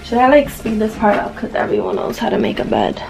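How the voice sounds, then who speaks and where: A woman's voice: fairly high pitch, huge pitch swings, fairly quick, gravelly, background noise. A young woman chatting casually through a get-ready-with-me morning vlog in her bedroom, rambling with lots of "like", still groggy with her morning voice. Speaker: vlogger. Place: bright bedroom.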